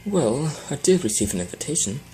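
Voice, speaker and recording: A gentle, bewildered husband stallion in a storybook reading, voiced by a woman narrator. He talks softly and earnestly in a low, lively voice. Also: fairly quick, soft background music. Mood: confused.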